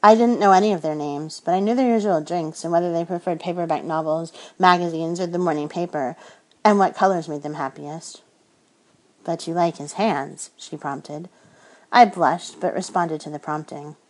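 Frau liest eine Liebesgeschichte vor. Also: female voice, fairly low pitch, a little fast, low-quality recording. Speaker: narrator. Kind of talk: first-person audiobook narration.

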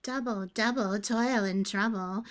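A woman voicing a cheeky half-human, half-bird woman with a gravelly, rasping voice and a needling, whiny manner. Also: medium pitch, steady tone, unhurried, natural voice. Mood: wry.

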